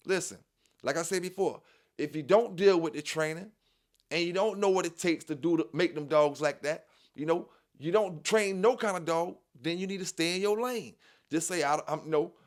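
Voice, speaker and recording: A man with a fairly high voice lectures his viewers about dogs in loose street talk. He repeats himself for emphasis and keeps dropping "you know what I'm saying" between points. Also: normal speed. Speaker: dog news channel host. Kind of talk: casual monologue to viewers.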